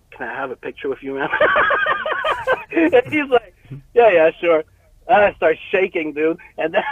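A man casually telling a long story, animated and profane, often laughing as he talks. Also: high-pitched, breathy edge, narrow, tinny audio.

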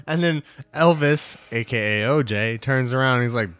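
A man's voice: mid-range voice, moderate pace, a bit bright, clean tone, no echo. A young man co-hosting a podcast, casually chatting and retelling scenes with swearing and laughter. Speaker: podcast co-host. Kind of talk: casual chat reacting to a show.

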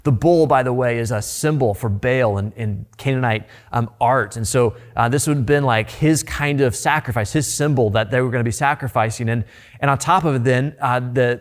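Animated, conversational male preacher. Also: mid-range voice, fairly quick. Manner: animated, asks rhetorical questions; conversational, informal. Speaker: pastor. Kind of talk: sermon.

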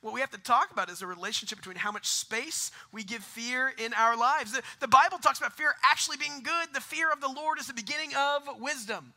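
A man's voice: very high voice, a little fast, hardly any pauses, sharp tone. A man in his thirties preaching a conversational sermon, breaking into self-deprecating jokes and asides. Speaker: pastor.

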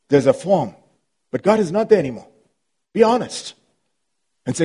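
A man's voice: on the high side, very animated, normal speed, pauses often, warm tone, husky. A man preaching an earnest sermon as pastor, repeating phrases and rising into passionate, pleading prayer.

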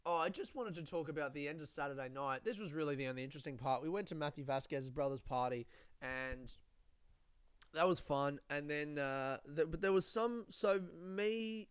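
A man's voice: on the high side, moderate pace, clear, resonant tone, no echo. A young man with an Australian accent, a comedian hosting a casual chat, telling rambling, sweary, self-mocking stories. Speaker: comedian and podcast host. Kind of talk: casual storytelling.

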